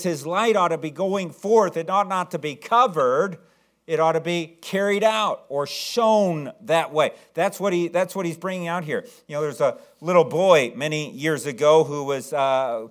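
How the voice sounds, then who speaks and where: Slightly high-voiced preaching pastor. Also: male voice. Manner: preaching, calls on the congregation to respond aloud; slows and rises to read verses aloud. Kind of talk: sermon with scripture reading.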